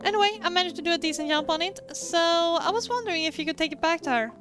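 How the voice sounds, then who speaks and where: A woman's voice: very high-pitched, very fast, over music. A woman voicing a protective violin restorer in a video game, earnest and full of warnings. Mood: worried. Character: protective violin restorer who fusses over a young courier.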